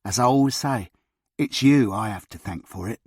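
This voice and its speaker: A man's voice: fairly low pitch, moderate pace, a little mellow, slightly rough, no echo, studio quality. A man voicing a grateful, self-effacing young housemaid who gushes. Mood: effusive.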